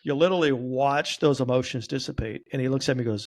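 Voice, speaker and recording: As a podcast guest, a man who practices trauma therapy tells a long, lively story in a mid-range voice. He speaks fast with few pauses and changes his delivery to voice each person he quotes.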